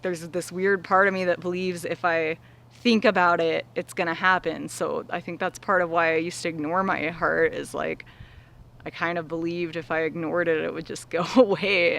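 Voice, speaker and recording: Gravelly bright-voiced woman sharing openly. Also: lowish voice. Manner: earnest, many "like" fillers, laughs between thoughts. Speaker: vlogger. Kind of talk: casual heartfelt talk to viewers.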